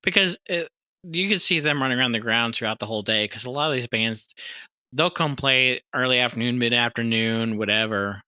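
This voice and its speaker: Male podcast host, bright and sharp, dry close sound, excitable with stammers. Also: mid-range voice, brisk, no room sound. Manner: enthusiastic, stammers and restarts. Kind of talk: casual interview chat.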